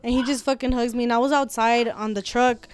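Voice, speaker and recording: A woman's voice: on the high side, fairly even intonation, fairly quick, clean tone. A young adult woman talking as a guest, telling a personal story frankly, swearing freely and mixing in Spanish phrases. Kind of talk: casual heartfelt storytelling.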